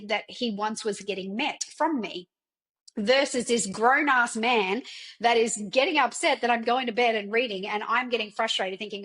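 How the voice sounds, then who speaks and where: A woman's voice: a little high, moderate pace, fairly bright tone, slightly rough. A woman hosting a personal podcast, talking candidly in a loose, chatty way, full of fillers and the odd swear word. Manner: candid, chatty, many fillers like "like" and "you know"; occasional swearing. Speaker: podcast host.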